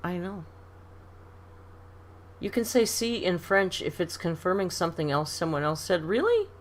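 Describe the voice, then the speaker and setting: A woman's voice: on the low side, big pitch swings, moderate pace, a little hiss or hum. A middle-aged woman from Canada hosting a casual live stream, reading comments aloud and telling stories with frequent laughs. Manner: chatty storytelling, laughs often. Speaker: livestream host.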